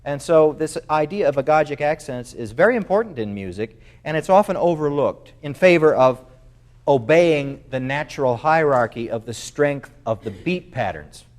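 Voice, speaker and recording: A man's voice: fairly high pitch, animated, normal speed, a little mellow. A man giving a music masterclass, explaining at length with many fillers and singing phrases on syllables to show them. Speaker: music clinician. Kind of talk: masterclass coaching.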